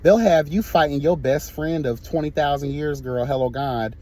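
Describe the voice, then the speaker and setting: A man's voice: fairly high pitch, normal speed, a little mellow. A man giving an impassioned, sassy straight-talk monologue as a vlogger while driving, recorded on a phone. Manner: sassy, emphatic, keeps calling listeners girl.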